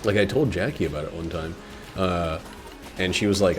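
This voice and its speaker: A man with a very deep voice talks loosely while he plays a video game. He wanders from story to story with plenty of "uh" and "like", and he swears casually. Faint game music runs underneath. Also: fairly quick. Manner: meandering, swears casually, many fillers. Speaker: gameplay commentator. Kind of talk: casual rambling commentary over gameplay.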